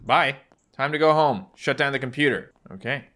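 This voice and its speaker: A young man doing goofy, comedic commentary while playing a game, jumping into loud excited outbursts. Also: mid-range voice, normal speed, slight background noise. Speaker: gaming YouTuber. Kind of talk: comedic let's play commentary. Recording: faint game music behind.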